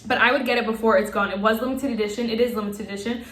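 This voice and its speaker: A young woman gushing excitedly as she reviews makeup and talks straight to her viewers in a casual vlog. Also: fairly high pitch, rapid-fire. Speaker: beauty vlogger. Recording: echoey room.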